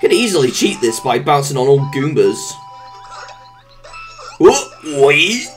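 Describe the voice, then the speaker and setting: A woman talks her way through a video game, coaxing her character and humming along. Her speech is slow but leaps up and down in pitch, from low murmurs to high squeals. Soft game music plays faintly behind her. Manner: excitable, coaxing the character, hums and yelps. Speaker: gameplay commentator. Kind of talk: let's-play commentary.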